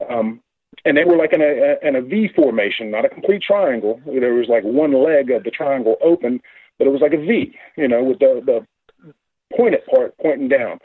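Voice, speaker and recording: A man calling in to a radio talk show, telling his story in a rambling, halting, excited way. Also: medium pitch, husky, no echo. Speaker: caller. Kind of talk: casual phone-in story. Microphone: phone. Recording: tinny phone line.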